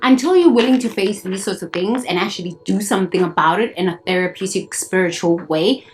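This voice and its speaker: A woman's voice: medium pitch, brisk, a little hiss or hum, rough recording. A woman from Africa, a spiritual coach preaching bluntly and emphatically to her phone camera outdoors in the sun, repeating herself for effect. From South Africa. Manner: emphatic, blunt and fiery, with swearing and repetition. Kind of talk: preachy self-help monologue to camera.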